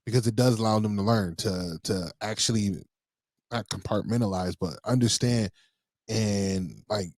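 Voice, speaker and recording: A man co-hosting a podcast, telling parenting stories in a relaxed, rambling way full of fillers. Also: on the low side, normal speed, dry recording. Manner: relaxed storytelling with many fillers. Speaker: podcast co-host. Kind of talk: casual chat.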